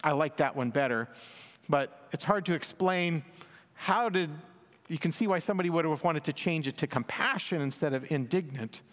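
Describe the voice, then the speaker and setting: Earnest high-voiced man preaching in a hall. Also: moderate pace, fairly bright tone. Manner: earnest, emphatic, rises for quoted lines. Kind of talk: sermon, reading and explaining scripture. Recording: long hall reverb.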